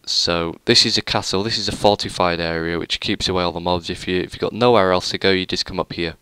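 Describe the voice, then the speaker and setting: A man's voice: deep voice, fairly even intonation, fast, sharp tone, clear, resonant tone, dry recording. A young man giving a rambling, self-deprecating tour of a game world, full of hesitant fillers. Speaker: gaming YouTuber. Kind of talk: casual let's play commentary.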